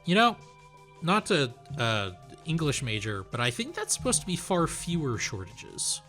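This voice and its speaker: A man's voice: fairly high pitch, wildly swooping pitch, normal speed, bright, forceful tone, faint music behind. A man streaming a video game, chatting casually about it with a lot of rambling. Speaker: let's play streamer. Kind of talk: casual chat over gameplay.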